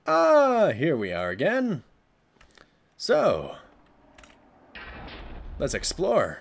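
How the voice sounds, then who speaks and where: Sarcastic, lively gamer guy. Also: on the high side, very slow, creaky, pauses often. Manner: sarcastic, jokey, talks to the game. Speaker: let's play gamer. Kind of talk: horror game commentary.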